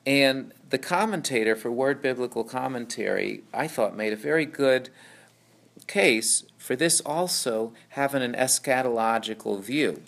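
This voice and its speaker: A man's voice: medium pitch, a little slow, gravelly, a bit bright. A man teaching about a Bible passage, explaining at length and often checking in with "right?" and "okay?". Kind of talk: teaching talk on scripture.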